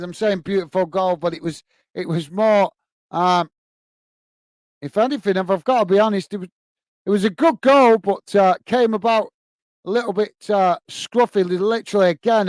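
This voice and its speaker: Man, from England, high-pitched, smooth clear voice, live football commentary and chat, dry close mic. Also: no room sound. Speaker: fan watch-along host.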